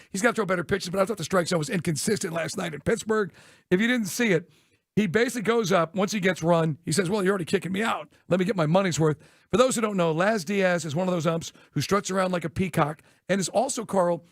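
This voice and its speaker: A man co-hosting a sports talk radio show, telling quick jokey stories and laughing at his own punchlines, on a studio microphone. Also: sits high, no room sound. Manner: rapid, joking storyteller who laughs at his own punchlines.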